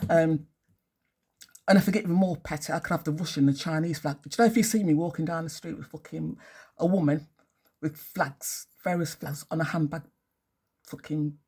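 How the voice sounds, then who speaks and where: A woman's voice: deep voice, mellow, slightly rough. A woman ranting in a casual monologue, blunt and swearing heavily. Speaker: vlogger.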